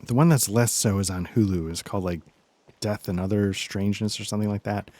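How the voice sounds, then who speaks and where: A man's voice: lowish voice, a little fast, warm tone. A man hosting a let's play, chatting casually and rambling through self-deprecating asides while he games. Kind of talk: casual commentary while gaming.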